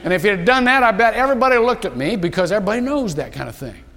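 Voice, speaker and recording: A man preaches from the pulpit, spinning a story and acting out the people in it with animated energy. His voice sits high for a man. The sound rings with the long reverb of a large church sanctuary. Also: very fast. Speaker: pastor. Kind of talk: sermon storytelling.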